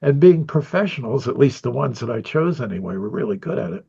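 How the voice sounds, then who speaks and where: A man's voice: mid-range voice, animated, brisk, vocal fry, mellow, slightly rough, dull audio. An older man in a rambling interview about his animation career, a chuckling storyteller who acts out what people said.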